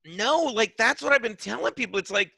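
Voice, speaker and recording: A man's voice: extremely high pitch, brisk, vocal fry, pushed and bright, slightly rough, dry recording. A middle-aged man, a comedian guest, rambling through profane stories in casual podcast chat. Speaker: guest comedian and radio host.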